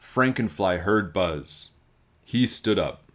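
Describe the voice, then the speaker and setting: A man reading a children's storybook aloud, with slow, expressive storytelling. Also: low voice. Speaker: children's book reader.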